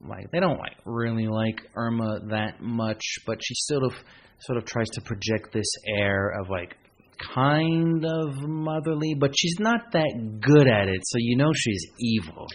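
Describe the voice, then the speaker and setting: A man co-hosting a casual film review podcast, playful and quick to quote lines in mock voices. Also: mid-range voice, expressive. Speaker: podcast co-host.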